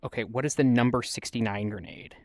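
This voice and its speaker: Man, game streamer, wry, rambling, casual chat, mid pitch. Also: a little fast, darkish tone, slight background noise.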